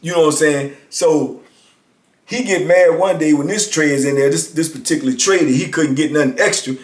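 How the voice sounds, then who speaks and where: A man's voice: on the high side, brisk. A man in his fifties telling a story in loose, slangy casual talk, often tossing in "you know what I'm saying". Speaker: channel host telling stories. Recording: roomy echo.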